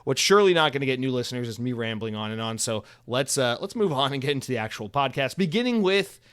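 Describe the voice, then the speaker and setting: A man's voice: mid-range voice, expressive, fast, a bit bright, clean tone. A man in his thirties hosting a solo podcast alone, rambling casually with sarcastic, profane asides.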